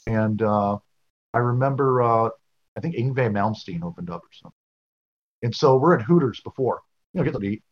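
Husky man telling stories, lo-fi. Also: medium pitch, a little fast, long pauses. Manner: loose anecdotal storytelling with fillers. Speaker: podcast co-host. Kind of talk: casual chat.

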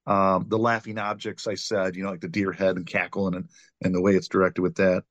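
Man, fairly low voice, dry sound, eager casual chat. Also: flat delivery, fairly quick, no room sound, lo-fi sound. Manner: enthusiastic, laughs often. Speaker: podcast co-host.

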